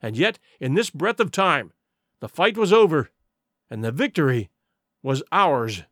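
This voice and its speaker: Male narrator for an adventure audiobook; vivid and dramatic, lively pitch, dry sound. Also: measured pace, no room sound. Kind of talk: scripted storybook narration.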